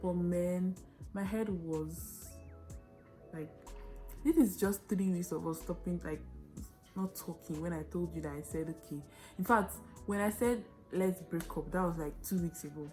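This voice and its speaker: Young Nigerian woman, storytime vlog, dramatic, lowish voice, faint music behind. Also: unhurried. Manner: animated, dramatic storyteller with shifting pace. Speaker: vlogger.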